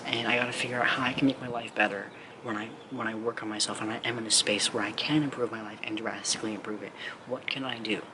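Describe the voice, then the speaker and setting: Earnest male motivational speaker talking off the cuff to a camera with steady background noise, middling pitch. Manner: earnest, rambling, heavy use of 'like'. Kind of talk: casual direct-to-camera talk. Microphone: camera mic.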